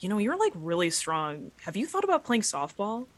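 A woman's voice: mid-range voice, wildly swooping pitch, normal speed. A woman doing a bubbly teen team captain. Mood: admiring. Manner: chatty, upbeat, filler-heavy. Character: bubbly teenage girl sports captain.

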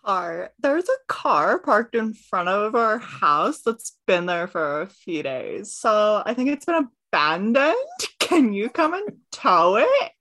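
Bright, lively woman player. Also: medium pitch, takes it slowly, dry recording, studio quality. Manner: playful, laughing. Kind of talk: playing a tabletop game.

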